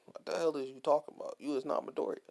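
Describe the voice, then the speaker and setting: A man putting on a hot-headed young rival who snaps out brash threats in a raised, higher voice. He is loud and aggressive, told as part of a casual spoken fan story. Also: fairly even intonation, rapid-fire, creaky. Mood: angry.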